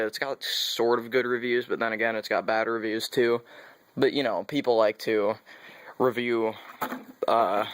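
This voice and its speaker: A man's voice: fairly low pitch, a bit bright, clean tone, no echo. A young man vlogging a casual, rambling overview of his computer parts, correcting himself and making sarcastic asides. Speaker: YouTube vlogger. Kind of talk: casual tech hardware overview.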